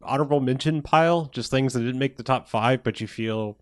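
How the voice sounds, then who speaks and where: A man's voice: medium pitch, a little fast, dry recording, studio quality. A man co-hosting a casual video game podcast over a video call, talking in a profane, rambling way and correcting himself as he goes. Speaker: podcast co-host. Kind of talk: casual chat. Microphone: remote video call.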